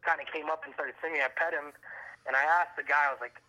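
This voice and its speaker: A man tells his brother a long, winding story over a phone call. His voice is very bright and sharp. He swears freely and leans on fillers as he rambles. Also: a little high, steady tone, fast. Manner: rambling, profane, heavy fillers. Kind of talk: casual chat.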